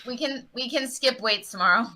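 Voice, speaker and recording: Bright, chatty woman player. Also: fairly high pitch, normal speed. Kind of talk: casual tabletop play.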